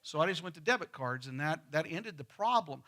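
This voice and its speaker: A man's voice: on the high side, animated, fairly quick, bright, forceful tone. A middle-aged male pastor with a West Texas accent, preaching and telling a joke in a folksy storytelling manner, often repeating words as he starts a thought. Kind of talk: sermon with a told joke. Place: church sanctuary.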